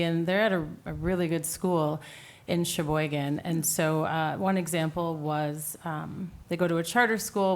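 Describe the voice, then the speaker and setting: A middle-aged woman, a mother, speaking on a panel in a hesitant way with many fillers. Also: lowish voice. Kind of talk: panel discussion.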